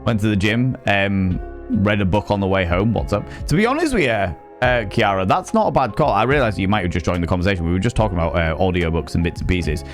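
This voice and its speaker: A man's voice: low voice, a little fast, soft background music. Sweary man telling stories on stream. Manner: sweary, animated storytelling, reads chat aloud. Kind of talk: casual live-stream chat.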